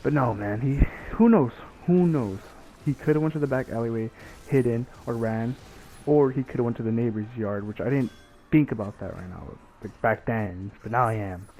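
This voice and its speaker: A man's voice: medium pitch, moderate pace, rough recording. A young man recounts a near break-in in a casual, swearing storytime monologue. His voice sits in the middle range and jumps up when he acts out quotes. A faint noise runs underneath. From Mexican family. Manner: profane, animated retelling with acted quotes.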